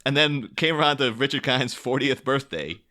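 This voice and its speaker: A man's voice: mid-range voice, animated, moderate pace, sharp tone. A man co-hosting a podcast, telling a long anecdote in casual chat, full of fillers and acted-out quotes. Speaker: podcast co-host.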